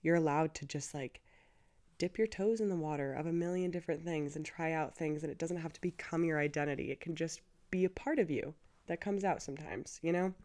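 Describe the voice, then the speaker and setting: Low, gravelly young woman telling her story. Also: fairly quick, darkish tone. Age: 20s. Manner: chatty and emotional, lots of "like" and "you know". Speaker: podcast host. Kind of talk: candid personal storytelling.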